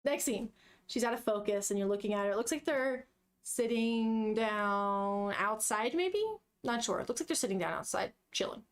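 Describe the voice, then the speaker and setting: A woman's voice: a little high, normal speed. A young woman reading a manga aloud and chatting about the panels, giggly and casual. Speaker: manga reader streamer.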